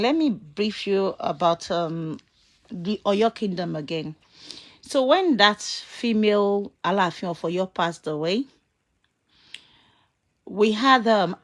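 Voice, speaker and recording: A woman with a Nigerian accent talking casually to viewers, rambling as she reminisces and searching aloud for names. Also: medium pitch. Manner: grows loud and excited when a memory comes back.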